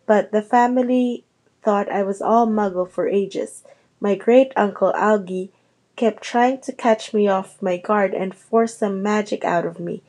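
A woman voicing a shy young schoolboy who speaks softly and hesitantly in a storybook reading. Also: medium pitch, unhurried.

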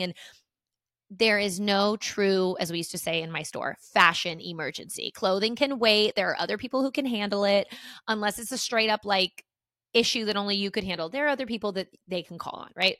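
Brief: podcast host, woman in her thirties, rambling and chatty, bright tone, dry close sound. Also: medium pitch, no echo. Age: 30s. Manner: chatty, rambling, many fillers. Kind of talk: casual storytelling chat.

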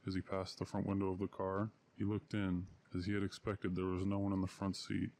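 Low, flat-voiced male story narrator. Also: brisk, vocal fry. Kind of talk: audiobook story reading.

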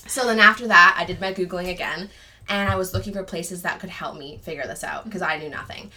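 A woman from Canada telling a personal story in casual chat, animated and swearing casually. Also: lowish voice, fairly quick. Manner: animated, acts out quoted voices, swears casually. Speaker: guest storyteller.

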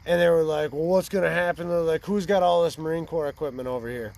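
Profane rambling young man, higher voice. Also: quick pace, vocal fry, a little mellow. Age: 20s. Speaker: storyteller. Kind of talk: casual drunken storytelling. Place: outdoors by a fire.

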